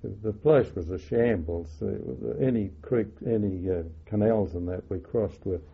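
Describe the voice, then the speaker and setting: An older man recalling wartime memories in an oral history interview, halting with many fillers and self-corrections. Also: lowish voice, vocal fry, husky. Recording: muffled phone-like lo-fi audio.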